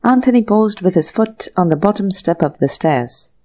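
Mellow woman narrating an audiobook. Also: medium pitch, expressive, moderate pace. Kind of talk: scripted narration.

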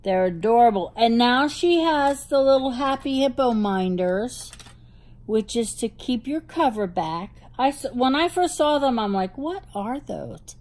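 A woman's voice: a little high, animated, unhurried, a little mellow. A woman with a New Jersey accent doing a casual show-and-tell unboxing on her hobby vlog, gushing with delight over cute little things. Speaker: hobby vlogger.

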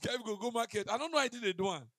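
A man tells stand-up stories in lively pidgin, slipping into the voices of the people in them. His voice sits high and sounds bright and forceful. The sound is close and dry. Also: rapid-fire, vocal fry, dry recording. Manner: animated storyteller mixing pidgin, acting out dialogue. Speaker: stand-up comedian. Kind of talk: stand-up comedy. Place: comedy stage before a live audience.

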